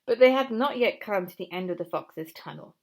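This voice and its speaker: A woman reading a children's story aloud in a gentle, expressive way, with asides to a puppet. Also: mid-range voice, fairly quick.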